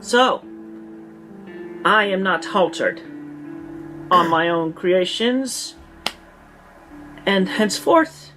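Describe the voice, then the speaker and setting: A woman's voice: medium pitch, expressive, very slow, pauses often, a bit bright, soft background music. A woman in an archived clip ranting in a put-on, theatrical British-sounding accent, pompous and indignant. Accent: imitated British. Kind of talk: archived online video rant.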